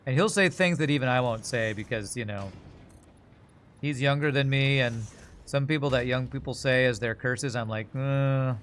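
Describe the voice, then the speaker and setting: A man's voice: mid-range voice, moderate pace, a bit bright, slight background noise. A man streaming a game live, thinking aloud in rambling, self-mocking casual commentary.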